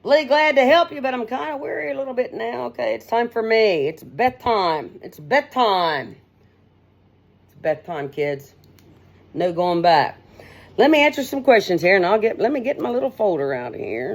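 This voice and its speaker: A woman's voice: a little high, lively intonation, a little fast, gravelly. A middle-aged woman, hosting a casual, unscripted monologue in a blunt, outspoken, rambling way, calling listeners honey and man, talking into her own device's mic without a headset. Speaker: host.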